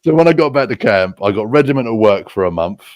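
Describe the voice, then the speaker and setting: A man's voice: on the low side, animated, fast, a little mellow, dry recording. A British man telling rowdy stories casually, swearing a lot and laughing at himself. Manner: crude, profane, laughing at his own stories. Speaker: storyteller.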